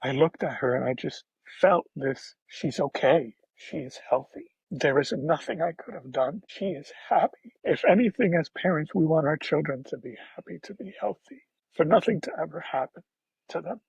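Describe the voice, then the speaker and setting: A man, a podcast guest, telling an emotional personal story in a soft-spoken, halting way, often restarting his sentences. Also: fairly high pitch, creaky, breathy edge, dry recording, muffled recording.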